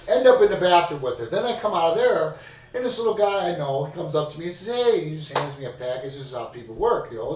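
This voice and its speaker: A man of fifty telling profane bar stories in a rowdy, animated way as a podcast guest. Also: a little high, a little hiss or hum. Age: 50s. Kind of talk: casual storytelling. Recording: echoey room, mic at a distance.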